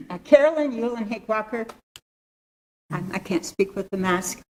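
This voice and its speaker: A woman, a teacher, giving public comment at a council podium, reading a story aloud in a loud, earnest teacher voice. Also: a little high, lively intonation, unhurried. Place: city council chamber.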